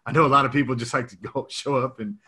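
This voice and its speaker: A man's voice: mid-range voice, steady tone, fast, bright, forceful tone, husky. A man in his thirties or forties co-hosting a podcast in casual, rambling chat, laughing often as he talks. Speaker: podcast co-host.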